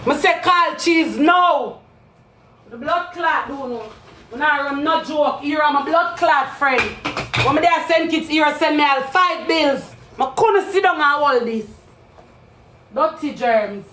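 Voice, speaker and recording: A woman with a Jamaican accent on a heated live-stream rant, repeating accusations and breaking into loud outbursts. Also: high voice, measured pace, reverberant, slight background noise.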